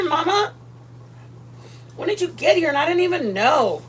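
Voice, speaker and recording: A woman hosting a casual cooking livestream from her home kitchen, chatty and playful, greeting viewers by name with loud excited bursts. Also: very high voice, normal speed, pauses often, noisy background.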